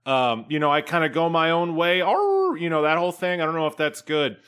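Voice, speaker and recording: A man doing a brash, high-pitched shapeshifter woman. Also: fairly even intonation, fast talker, fairly bright tone, clear, resonant tone, natural voice. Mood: protesting. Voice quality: high, laughing, exasperated. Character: brash young woman shapeshifter, mocking and loud.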